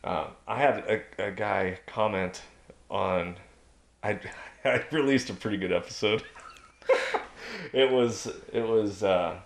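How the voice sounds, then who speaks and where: A man's voice: fairly low pitch, takes it slowly, gravelly, pauses often. A man talking as a guest on a podcast in a casual chat, emphatic and preachy as he drives his points home.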